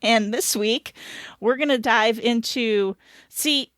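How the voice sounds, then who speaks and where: A woman co-hosting a podcast in casual, rambling chat, quick to laugh. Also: fairly high pitch, fairly bright tone, dry recording. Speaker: podcast co-host.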